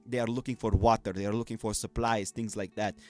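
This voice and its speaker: A boastful fascist dwarf overlord, as a man puts him on, speaking in a mock-Russian accent and skipping his articles. The voice sits somewhat low, and he swings between bragging and menace. It is in-character commentary over a strategy game. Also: steady tone, quick pace, soft background music, lightly acted. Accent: put-on Russian. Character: blustering fascist male dwarven dictator.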